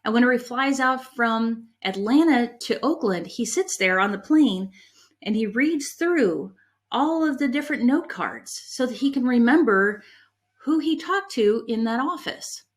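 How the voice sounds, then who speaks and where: A middle-aged woman giving a conference talk on leadership, an animated storyteller who is candid and emotional about her past. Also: on the high side, measured pace. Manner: animated storyteller, acts out quoted people in her anecdotes. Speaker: conference breakout speaker on leadership.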